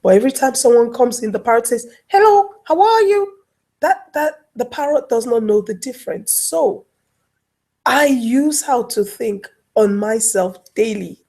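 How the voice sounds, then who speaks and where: A woman's voice: on the high side, normal speed, darkish tone. A woman life coach speaking as a guest, telling everyday stories and acting out little scenes. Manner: storytelling, acts out little scenes. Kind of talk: casual interview talk. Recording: online talk show audio.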